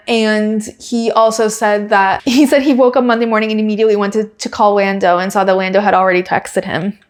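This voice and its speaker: A woman's voice: medium pitch, fairly even intonation, fairly quick, few pauses. A woman hosting a podcast in casual chat, rambling with lots of "like" fillers. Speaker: podcast host.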